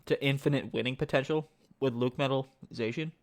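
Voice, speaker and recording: Brisk and mid-pitched, a man commentates a card tournament on a live stream. Excitable, he works through his thoughts aloud and keeps turning to his chat with questions.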